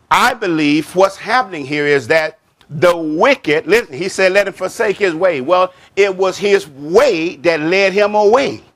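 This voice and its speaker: A man preaching a sermon as pastor, slow and emphatic, repeating phrases and saying "amen" often. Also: a little high, fairly bright tone.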